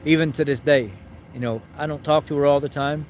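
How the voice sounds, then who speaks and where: A man's voice: fairly high pitch, fairly even intonation, fairly quick, a little mellow, slight background noise, low-quality recording. Man telling an emotional personal story. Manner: rambling, emotional, repeats words. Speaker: vlogger.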